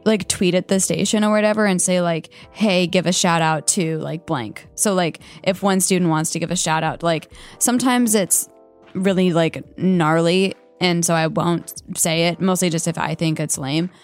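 A woman's voice: fairly low pitch, soft background music. A young woman who works as a college radio DJ, chatting casually in the studio and stumbling through lots of likes and fillers. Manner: filler-heavy, halting with many likes. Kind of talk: casual chat. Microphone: studio microphone.

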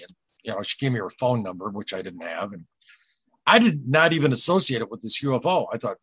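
A man talking as a podcast guest, telling a personal story in an earnest, halting way and often retelling what people said. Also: mid-range voice, animated, a bit bright, slightly rough, no room sound. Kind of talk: casual first-person storytelling.

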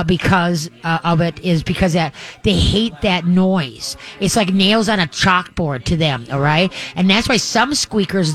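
Man, radio host, dog advice, high voice, rambling and folksy, live remote broadcast. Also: fairly bright tone. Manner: rambling, folksy, many restarts.

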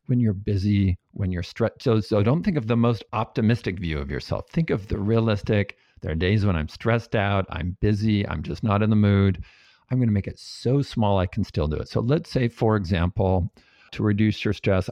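A man being interviewed as a guest researcher, explaining ideas in a calm, practical and lightly playful way. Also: on the low side, no echo.

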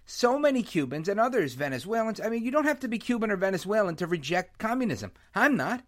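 A man hosting his own podcast, talking in an animated, opinionated way and dropping in Spanish words. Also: high voice, fast. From United States. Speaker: podcast host. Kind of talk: solo podcast monologue. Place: New York.

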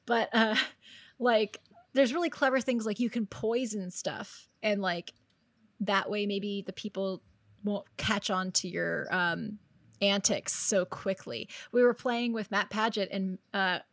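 A woman's voice: medium pitch, fairly even intonation, measured pace, no room sound. A young woman co-hosting a casual gaming podcast, telling stories animatedly with lots of "like" and laughter. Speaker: podcast co-host.

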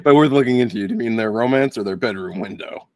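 A man's voice: lowish voice, fast, darkish tone, dry recording, clean studio sound. A man co-hosting a casual chat podcast, wisecracking and laughing, with lots of fillers. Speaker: podcast co-host.

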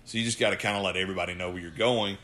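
A man's voice: sits low, fairly even intonation, rapid-fire, pushed and bright. A man who wrestles, chatting casually on a podcast, rowdy and profane, laughing often. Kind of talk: casual chat.

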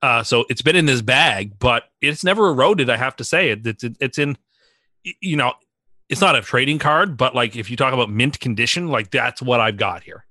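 A man's voice: mid-range voice, lively intonation, normal speed, sharp tone, no echo, studio quality. A man hosting a podcast in casual chat, opinionated and contrarian, rambling through his points. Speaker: podcast host.

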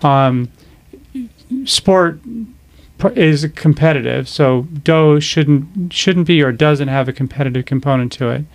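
A male podcast host with a gravelly, fry-laden voice recorded dry and close. He asks halting, filler-heavy questions and jumps in to finish the other speaker's sentences. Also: on the high side, no echo. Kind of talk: casual podcast conversation.

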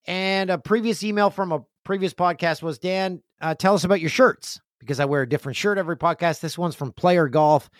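A man's voice: fairly quick, few pauses, dry recording, studio quality. A man hosting his podcast in a casual, jokey chat, reading emails and acting out friends' reactions. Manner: chatty, jokey, acts out friends in loud high voices. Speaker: podcast host. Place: home studio with stairs nearby.

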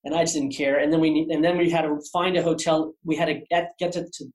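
A man's voice: fairly high pitch, little pitch movement, fast. A man telling a long story as an artist guest on a podcast, rambling with many fillers and restarts. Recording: roomy echo.

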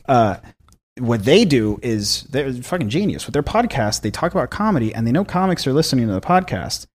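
A man's voice: medium pitch, sing-song, a little fast. A man chatting on a podcast with a middle-range voice. He swears freely, rambles, and laughs often as he makes his points. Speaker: podcast co-host. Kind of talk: casual chat.

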